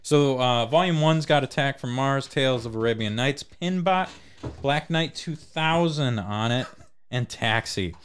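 A man's voice: mid-range voice, a little slow, clear, resonant tone. A man co-hosting a podcast in casual banter, joking, laughing often and swearing freely. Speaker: podcast co-host.

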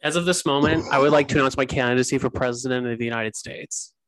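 A man's voice: medium pitch, fast talker, a bit bright, slight background noise, poor audio. Joking, hesitant man in casual chat.

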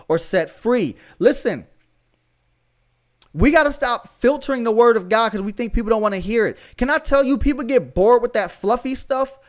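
A young man with a Southern US accent preaching fervently in a casual, slangy, conversational way. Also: high-pitched. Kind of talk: podcast sermon.

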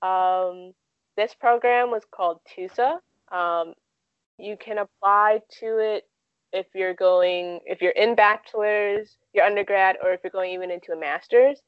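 A woman's voice: medium pitch, fairly even intonation, measured pace, clear, resonant tone, dry recording, dull audio. A woman in her twenties telling stories casually in an interview, with lots of "like" and "um" fillers. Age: 20s. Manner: chatty, frequent "like" and "um" fillers. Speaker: guest.

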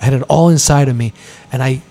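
Heated middle-aged man, dark voice. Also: fast. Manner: heated, animated storytelling, mimics others in a higher voice. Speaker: podcast host. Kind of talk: casual chat.

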